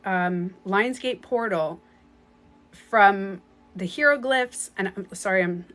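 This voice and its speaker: A woman's voice: medium pitch, takes it slowly, a bit bright. Chatty woman with a French accent. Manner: chatty, rambling, laughs often. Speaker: spiritual coach. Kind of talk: casual live-stream talk. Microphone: phone.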